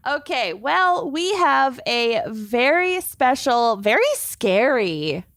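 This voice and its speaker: A woman co-hosting a casual podcast from home, animated and a little anxious, laughing between lines. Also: sits high, takes it slowly, no echo, clean studio sound. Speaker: podcast co-host. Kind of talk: casual chat.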